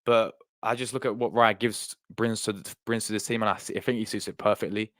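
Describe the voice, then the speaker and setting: A man's voice: on the low side, steady tone, brisk, a bit bright, no room sound. A young man chatting casually on a live stream, rambling and repeating himself as he talks to his chat.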